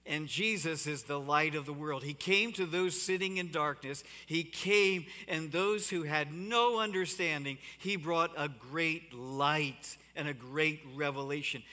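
A man preaching a sermon as pastor on a body mic, animated and given to asides to the congregation. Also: sits high, long reverb tail. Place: church sanctuary. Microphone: body-worn mic.

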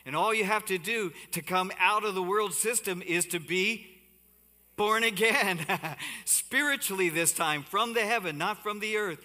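A man preaching a sermon as pastor on a body mic, animated and given to asides to the congregation. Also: high-pitched, moderate pace, big-room sound. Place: church sanctuary. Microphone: body-worn mic.

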